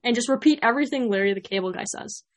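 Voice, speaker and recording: A woman with a Chicago accent hosts a podcast in an easygoing, upbeat chat. She talks quickly and with plenty of energy, often trailing into laughter. Her voice sits a little high for a woman. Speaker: podcast host. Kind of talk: casual interview chat.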